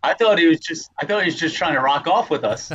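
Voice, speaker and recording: A man's voice: on the high side, animated, fast talker, fairly bright tone. Laid-back male co-host, dull mic. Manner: laid-back, short reactions. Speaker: podcast co-host. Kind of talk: casual sports chat.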